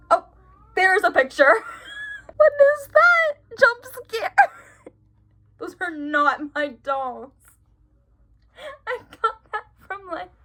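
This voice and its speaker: A woman's voice: sits high, a bit bright. A young woman reading her old childhood stories aloud and breaking off for sarcastic, giggly, incredulous asides. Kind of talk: reading aloud with running commentary.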